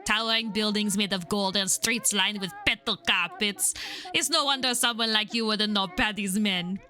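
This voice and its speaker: A woman's voice: mid-range voice, moderate pace, sharp tone, faint music behind, close to an everyday voice. A woman voicing a surly male East End pub barman in a put-on London accent, sneering and scornful.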